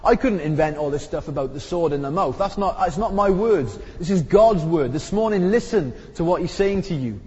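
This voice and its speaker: A man's voice: lively intonation, moderate pace, few pauses, dark tone, breathy edge. A man preaching a conversational, emphatic sermon, his throat sore. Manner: conversational, emphatic preaching with rising pitch on key points. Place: church hall. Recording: dull recording with long hall reverb.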